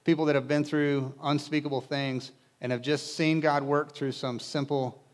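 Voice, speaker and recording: A man's voice: fairly high pitch, little pitch movement, normal speed. A male pastor preaching to a congregation in a conversational way, with casual asides and humor. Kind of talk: sermon. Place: church in front of a congregation.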